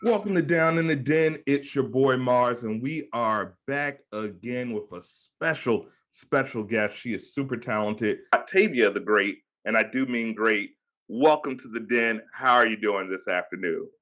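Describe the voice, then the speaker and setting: A man's voice: mid-range voice, measured pace, fairly bright tone, dull audio. A man in his thirties with a Hampton Roads Virginia accent, hosting a casual podcast interview and hyping up his guest in a loose, chatty way. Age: 30s. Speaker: podcast host.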